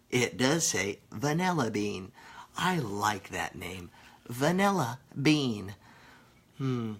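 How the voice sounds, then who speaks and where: A stoned man rambling through a casual live vlog, swearing and bantering with viewers, sometimes dropping to hushed asides. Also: medium pitch. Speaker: vlogger.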